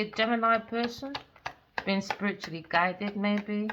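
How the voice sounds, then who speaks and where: A woman's voice: fairly low pitch, steady tone, normal speed, vocal fry, noisy background. A woman giving a rambling, emphatic tarot reading, swearing freely. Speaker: tarot reader. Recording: dull lo-fi recording.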